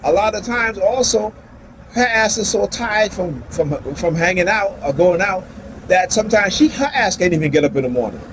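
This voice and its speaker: A man's voice: high voice, background noise. A man vlogging from his car in a casual, heated rant, rambling and repeating "you know" and "right?".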